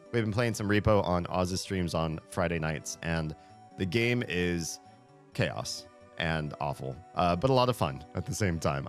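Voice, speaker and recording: A male streamer with a very deep voice talks casually to his viewers. He rambles and leans on filler words as he goes. Quiet music plays softly in the background. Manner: rambling and chatty, full of "like" fillers. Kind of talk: casual live-stream chat.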